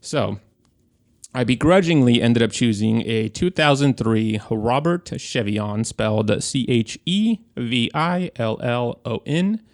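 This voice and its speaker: A young man co-hosting a podcast, telling a story in an animated way, swearing and acting out what people said. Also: medium pitch, unhurried, hardly any pauses, no echo, clean studio sound. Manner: animated, profane, acts out quoted voices. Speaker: podcast co-host. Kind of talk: casual storytelling chat.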